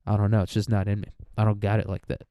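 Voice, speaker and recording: A young man rambles through a solo podcast in a crude, easygoing way, often breaking into laughter. His voice is mellow, smooth and warm. The recording is close and dry, and he sounds a little tired. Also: lowish voice, monotone, fast talker, dry recording. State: mentally tired. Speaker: student podcaster. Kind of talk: casual solo podcast monologue.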